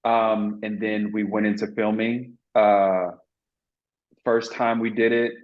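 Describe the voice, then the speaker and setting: A man's voice: on the low side, level tone, takes it slowly, narrow, tinny audio. A man being interviewed as an actor, telling a story in an earnest, reflective way with many fillers and restarts.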